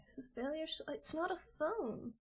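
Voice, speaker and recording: A woman's voice: sits high, animated, moderate pace. A young woman live-streaming, swearing and ranting to herself in exasperation. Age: young adult. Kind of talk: casual live-stream chat.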